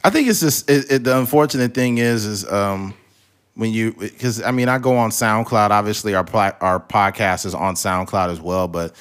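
A man's voice: lowish voice, normal speed, smooth. A man co-hosting a podcast in casual chat, cursing freely and mimicking voices for comic effect. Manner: animated, swears freely, mimics voices for jokes. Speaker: podcast co-host.

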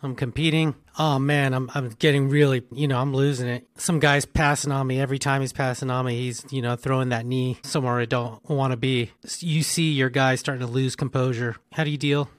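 Mid-pitched host posing a question. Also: male voice, flat delivery, brisk, few pauses, no echo, studio quality. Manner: casual, asks questions through a made-up scenario. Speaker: podcast host. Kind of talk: casual interview talk.

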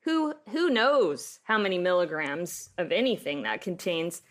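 A woman's voice: on the low side, expressive, unhurried. A woman as a podcast guest, telling a candid, self-deprecating story in a casual way.

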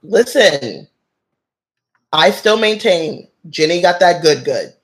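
A chatty host moves between reading a novel aloud and enthusiastic side commentary. The voice has a middle pitch and a relaxed, conversational delivery. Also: slow.

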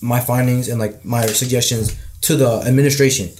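A young man chatting casually as a guest, quick and full of likes and fillers. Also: medium pitch, steady tone, a little mellow, slight background noise. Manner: rapid, filler-laden, enthusiastic. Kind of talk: casual conversation.

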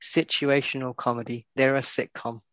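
A man's voice: mid-range voice, level tone, moderate pace, fairly bright tone, dry recording. A man co-hosting a podcast, talking football in a blunt, sweary way and laughing often. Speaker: podcast co-host. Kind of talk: casual football chat.

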